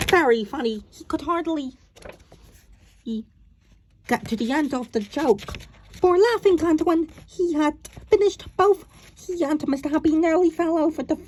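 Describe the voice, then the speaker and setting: A woman narrating a children's storybook, reading haltingly with frequent restarts. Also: high-pitched, darkish tone, slight background noise. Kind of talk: storybook read-aloud.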